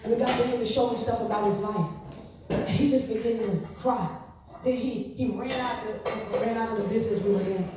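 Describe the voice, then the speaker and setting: A woman telling her testimony to an audience, expressive and repeating her words as she acts out what people said. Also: fairly high pitch, a little fast. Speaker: speaker giving testimony. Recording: echoey room from far off with noise.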